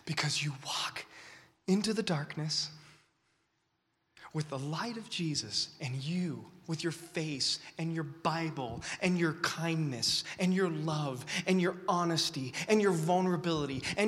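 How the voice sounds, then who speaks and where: A man preaching to a young crowd with great passion, dropping to whispers and rising to shouts, while fighting the flu. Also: a little high, a little slow. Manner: impassioned, swinging from whispers to shouts. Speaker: speaker at a youth gathering. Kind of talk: sermon. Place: large hall. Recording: long reverb of a large hall.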